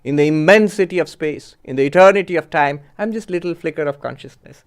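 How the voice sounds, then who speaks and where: A male monk teaches philosophy in a clear, resonant voice that sits a little above the usual male pitch. He speaks in measured phrases and leans on key words. He often asks his listeners questions to make them think. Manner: measured, emphatic, poses rhetorical questions to listeners. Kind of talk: philosophy lecture.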